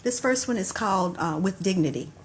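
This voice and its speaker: A woman's voice: medium pitch, animated, a little fast, slight background noise. Older lady from florida, chatty storyteller, laughs a lot, reads her poems with a beat. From Tampa, Florida, US. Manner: chatty, laughs easily, rhythmic when reciting. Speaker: guest poet. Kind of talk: conversational storytelling and poetry reading.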